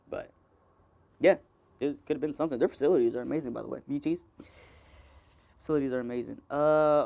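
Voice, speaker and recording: A man's voice: mid-range voice, fast talker, creaky, long pauses, mellow. A man in his twenties hosting a solo podcast, rambling and self-mocking, laughing often as he talks. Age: 20s. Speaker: podcast host. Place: indoors, seated.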